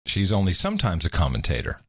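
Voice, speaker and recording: A man's voice: sits low, huge pitch swings, fast talker, husky, no room sound. A man who grew up in Europe, co-hosting a podcast in a casual, playful chat with lots of laughter. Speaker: podcast co-host.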